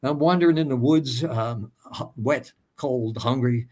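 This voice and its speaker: An older American man, a guest, vividly retelling his escape in a profane, animated way with a husky voice. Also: medium pitch, measured pace. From United States. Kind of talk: storytelling interview.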